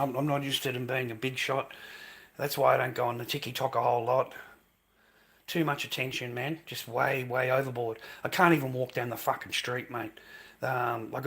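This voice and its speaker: A man's voice: mid-range voice, gravelly, fairly bright tone, slightly rough. Profane older Australian man ranting. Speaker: vlogger. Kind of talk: rambling casual monologue to camera.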